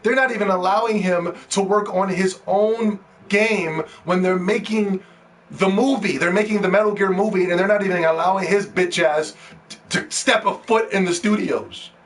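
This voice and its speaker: A man hosting a gaming podcast, ranting and pleading, dropping to hushed begging and then rising to shouts. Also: sits high, steady tone, normal speed. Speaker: podcast host.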